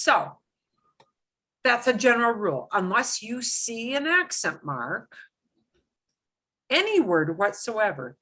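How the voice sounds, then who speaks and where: Slow-talking woman teaching a lesson. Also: medium pitch, bright, forceful tone. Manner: explains patiently, with repetition and emphatic examples. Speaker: Spanish teacher. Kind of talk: online language lesson.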